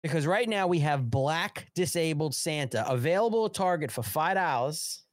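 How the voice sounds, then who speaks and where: On his live commentary show, a middle-aged American man mocks and jokes with wide swings in pitch, animated and at a moderate pace. Frequent laughter interrupts his sarcastic, profane rant. The recording sounds close and dry, free of room echo.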